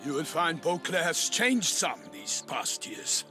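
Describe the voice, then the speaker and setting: An actor playing a proud, gallant knight in a video game, declaiming archaic lines with eager earnestness. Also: male voice, fairly high pitch, big pitch swings, unhurried, pushed and bright, faint music behind, full character voice.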